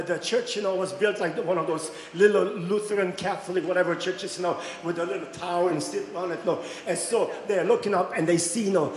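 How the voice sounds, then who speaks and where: High-voiced preacher man in an echoey hall. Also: a little hiss or hum. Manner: storytelling preacher, rising to excited shouts. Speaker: pastor. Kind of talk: sermon. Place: church hall. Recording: echoey hall with faint music.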